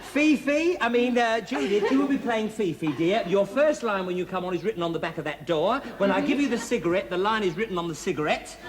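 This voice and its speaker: A man's voice: sits high, a little fast, hardly any pauses. A man hosting a game show in a jokey, chatty way, coaxing the contestants along. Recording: noisy TV studio recording.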